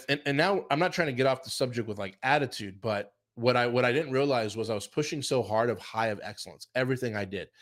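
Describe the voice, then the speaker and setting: A middle-aged man telling a casual career story, animated, acting out quotes and saying "like" a lot. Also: mid-range voice. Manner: animated, acts out quotes, many fillers like "like". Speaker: chef and show guest telling his career story.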